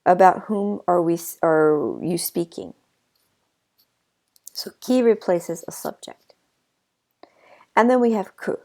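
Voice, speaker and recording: A woman teaching a language lesson, her voice low and gravelly with vocal fry. She explains at an easy pace, with fillers and chatty asides, and has a slight cough. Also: animated, slow pace, long pauses, darkish tone. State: a bit of a cough. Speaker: French teacher.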